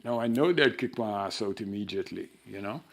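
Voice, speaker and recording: A man's voice: lowish voice, brisk, creaky. An older man telling stories in an interview, acting out the voices of the people in his anecdotes. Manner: animated storyteller who acts out the voices in his anecdotes. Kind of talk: storytelling interview.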